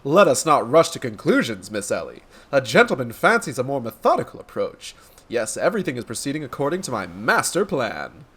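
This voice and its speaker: A man reading game dialogue aloud as a pompous, grandiose gentleman inspector with flowery, theatrical speech. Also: mid-range voice, sing-song, a little fast, slightly rough. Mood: smug.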